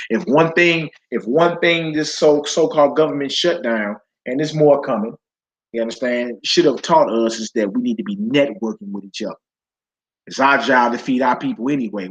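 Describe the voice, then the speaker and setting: A man's voice: mid-range voice, fairly bright tone. Casual St. Louis man preaching. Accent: St. Louis, Missouri. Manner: casual preaching with slang asides to the audience. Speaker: teacher of a religious assembly. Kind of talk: sabbath teaching, scripture study. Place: assembly hall with an audience.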